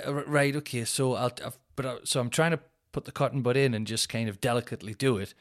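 A man chats alone into his podcast mic, sweary and animated. He rants with a lively voice that jumps up in pitch and loudness whenever something annoys him. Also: fast. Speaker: podcast host. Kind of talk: casual solo chat. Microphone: headphones in, home podcast mic.

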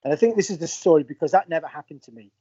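A man's voice: fairly high pitch, very fast, slightly rough, dry recording. A man, a former footballer, being interviewed and telling anecdotes in a casual way, acting out the lines of the people in his stories. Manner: animated storyteller acting out quoted dialogue. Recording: slightly muffled, dry audio.

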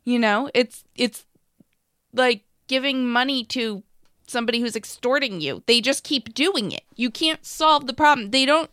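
A woman's voice: on the high side, moderate pace, fairly bright tone, clean tone, no echo, clean studio sound. A woman co-hosting a talk show, blunt and matter-of-fact. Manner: brief agreeing interjections, blunt. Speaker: co-host. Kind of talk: casual talk.

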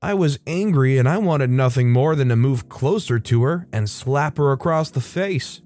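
A man reading an online story aloud in first person, in a steady, matter-of-fact way. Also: mid-range voice, normal speed, soft background music. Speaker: story narrator. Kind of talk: scripted narration of a reddit story.

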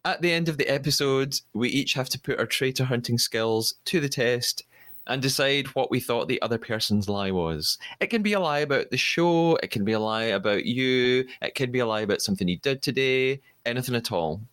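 A man's voice: mid-range voice, expressive, brisk, fairly bright tone, dry recording. Upbeat man hosting a podcast. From United Kingdom. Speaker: podcast host. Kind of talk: scripted podcast presenting.

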